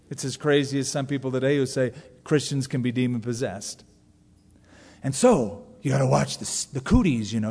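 A man in his forties preaching a sermon to a congregation, joking and animated, leaning hard into emphasis. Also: medium pitch. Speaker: pastor. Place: large church sanctuary. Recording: long reverb of a large church hall.

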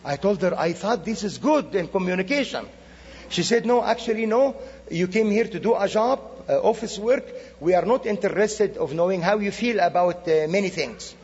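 A man's voice: high-pitched, normal speed, slight background noise. A man from the Middle East preaching as a guest speaker, telling stories animatedly with acted-out dialogue. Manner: animated storytelling with quoted dialogue. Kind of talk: sermon. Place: church sanctuary. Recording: dull lo-fi recording in a reverberant hall.

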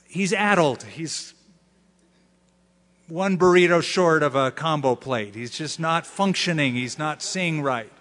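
A male pastor preaches at a measured pace, his somewhat high voice animated and playful as he impersonates the people he quotes. The sermon rings out through the long reverb of a large hall.

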